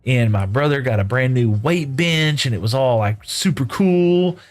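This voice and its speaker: Faint music plays behind this middle-aged West Texan, whose medium-pitched voice moves at normal speed. Streaming, he spins a long folksy yarn that rambles casually and is peppered with "you know" and "right?".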